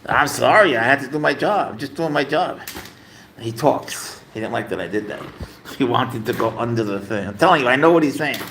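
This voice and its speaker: A man's voice: mid-range voice, lively intonation, moderate pace, a bit bright, a little hiss or hum. A man hosting a casual livestream from his home, rambling with lots of fillers as he talks to his cat and his viewers. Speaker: livestream host, pet owner. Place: home room.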